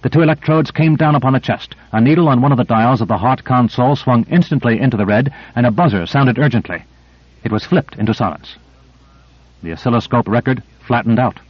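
Steady male audiobook narrator, lo-fi. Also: medium pitch, slightly rough, dry recording. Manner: steady, measured reading. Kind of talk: scripted narration.

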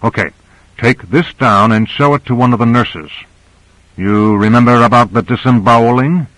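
A man reading the part of a gruff, impatient man in charge who swears when exasperated, in an audiobook. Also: medium pitch, moderate pace, fairly bright tone, dry recording, close to an everyday voice, rough recording. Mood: dry.

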